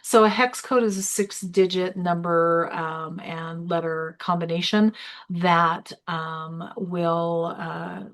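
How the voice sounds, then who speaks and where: A woman's voice: fairly low pitch, fairly even intonation, takes it slowly. A woman instructor giving a live online tutorial, chatty and explaining step by step as she clicks through an app. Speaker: small business workshop instructor.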